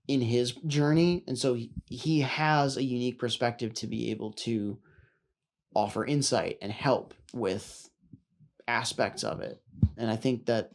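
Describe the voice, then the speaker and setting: A young man in casual podcast chat, talking at an ordinary middle pitch with a meandering, filler-heavy delivery. He drifts through his thoughts and swears offhandedly as he talks about his tabletop character. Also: darkish tone. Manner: loose and rambling, many "like" fillers, swears casually. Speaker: podcast co-host, tabletop player.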